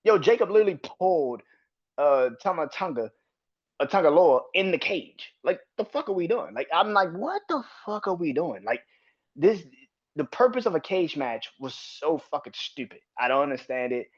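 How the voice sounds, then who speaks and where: A man with a slightly high voice rants through a solo podcast review, swearing constantly and restarting his sentences. His voice comes through a dull, muffled, lo-fi microphone. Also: expressive, moderate pace. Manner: profane, ranting, repetitive restarts. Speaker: podcast host.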